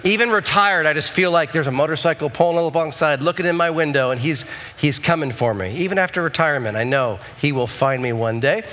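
Bright-voiced pastor telling funny stories. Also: male voice, a little high, fast. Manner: humorous, animated storytelling. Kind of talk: sermon with personal story. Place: church sanctuary. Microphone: handheld or headset mic.

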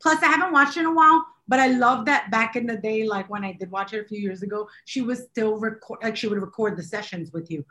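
Woman co-host, chatty and animated, laughs easily, higher pitched. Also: quick pace, few pauses. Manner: animated, laughing, rambling with fillers. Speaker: podcast co-host. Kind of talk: casual chat.

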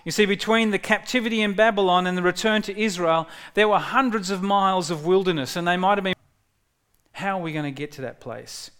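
A man preaching a sermon in a conversational way, with frequent restarts and bursts of excitement when quoting. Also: a little high, clear, resonant tone. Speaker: pastor.

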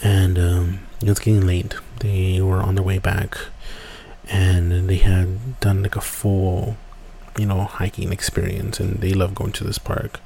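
Low gravelly guy rambling through a story, lots of you knows and restarts, kinda dark mellow tone. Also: little pitch movement, measured pace, a little hiss or hum. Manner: rambling, many fillers and restarts. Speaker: podcast host. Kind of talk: casual storytelling.

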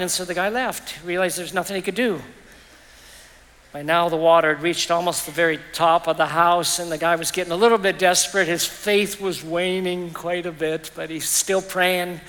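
Bright-voiced male pastor preaching. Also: high-pitched, steady tone, brisk. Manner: storytelling, earnest and personal. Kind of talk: sermon. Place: church. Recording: reverberant church hall.

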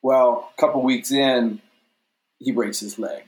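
A man telling a stage story in a casual interview, animated and often repeating "you know what I mean". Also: medium pitch, unhurried, echoey room. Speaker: guest, stage performer.

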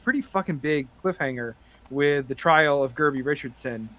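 Bright-voiced man running a tabletop game. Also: fairly high pitch, normal speed. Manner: rambling, lots of fillers, excitable. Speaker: game master. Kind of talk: casual podcast chat and game narration.

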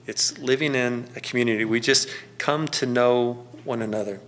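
A man's voice: mid-range voice, a bit bright, a little hiss or hum. A man preaching a sermon as pastor, in a folksy storytelling manner with frequent chuckles. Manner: folksy storytelling, slows down for emphasis, chuckles often.

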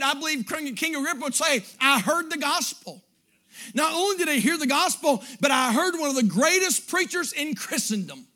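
A man preaching a sermon to a church, fervent, rising to shouts and breaking into laughter at times. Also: very high voice, lively intonation, normal speed. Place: church sanctuary.

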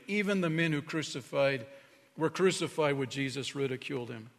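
A man's voice: a little high, normal speed. Male pastor preaching in a reverberant hall. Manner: earnest preaching, drops to a hushed tone for emphasis. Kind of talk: sermon.

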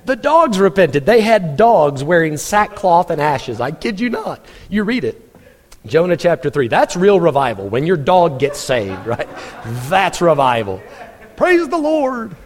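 A man's voice: on the high side, sing-song, unhurried, long reverb tail. A man preaching a sermon, telling a story with humor and acting out the people he quotes, often chuckling.

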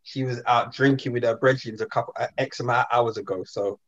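A man's voice: mid-range voice, steady tone, fast, a bit bright, dull audio. A man, chatting in a laid-back, slangy way as a podcast co-host. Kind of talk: casual chat.

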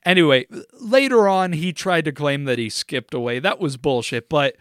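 Casual podcast co-host, young man, smooth, slightly high voice, dry close mic, swears freely and rambles. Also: moderate pace, a bit bright, no echo. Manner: profane, rambling, laughs through his stories. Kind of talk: casual storytelling chat.

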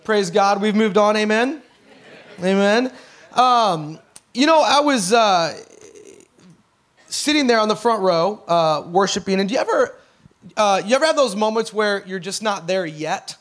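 A man's voice: high voice, lively intonation, unhurried, fairly bright tone. A man in his thirties, a pastor preaching a chatty, emotional sermon in church. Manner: conversational and emotional, with a lot of laughter.

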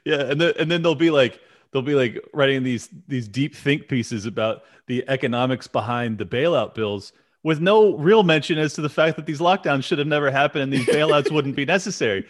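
A man's voice: medium pitch, brisk. A man hosting a podcast, talking in a passionate, profane rant. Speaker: podcast host. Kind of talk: casual political podcast chat.

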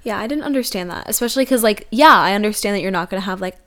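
Young woman, podcast guest, casual chat, wry remarks, quick laughs. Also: mid-range voice, fairly bright tone.

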